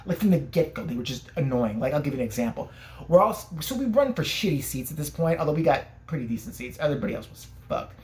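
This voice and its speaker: Sarcastic, profane rant in an animated voice. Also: mid-range voice, fast talker. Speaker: vlogger. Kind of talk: casual ranting storytelling.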